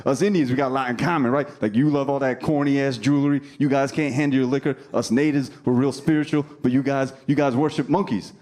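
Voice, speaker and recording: A man's voice: medium pitch, fairly even intonation, fast talker, hardly any pauses, a little mellow, pitched above the performer's own voice, lightly acted. A man voicing a rowdy, drunk Native American man who teases bluntly. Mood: boastful. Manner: brash, blunt teasing.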